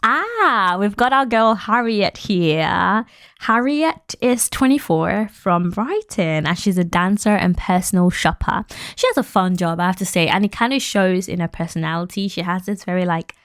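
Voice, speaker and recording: A young woman hosts a podcast with frank, opinionated commentary. She talks in a loose, chatty way, full of fillers and quick laughs. Her voice sits at a middling pitch and sounds dry and close, with no room echo. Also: lively intonation, a bit bright, clean tone. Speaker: podcast host.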